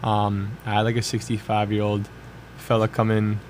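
A man's voice: lowish voice, completely flat delivery, normal speed, darkish tone, slight background noise. A man in his twenties co-hosting a podcast, telling a rambling story full of fillers in casual chat. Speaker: podcast co-host.

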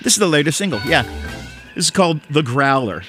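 A man's voice: fairly high pitch, sing-song, fast, bright, forceful tone, faint music behind. A man hosting a casual radio show, chatting loosely with fillers and jokes. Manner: loose, joking, lots of fillers, mock announcer voice for the PSA. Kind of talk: casual college radio chat. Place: radio studio.

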